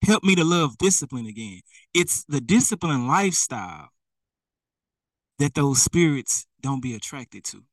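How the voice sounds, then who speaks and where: A man's voice: mid-range voice, sing-song, measured pace, dry recording, recorded from a distance, rough recording. A man preaching a sermon, emphatic and repetitive, speaking straight to his listeners.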